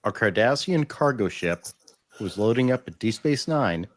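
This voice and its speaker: A podcast host who reviews TV episodes reads a scripted intro, then shifts into casual chat explaining the plot. Once chatting, he explains things with lots of fillers and restarts. His voice is on the low side and animated, at a normal speed.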